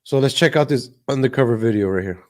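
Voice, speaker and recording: A man's voice: mid-range voice, fast. A man hosting a livestream political commentary show, ranting and sarcastic with many fillers. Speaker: show host.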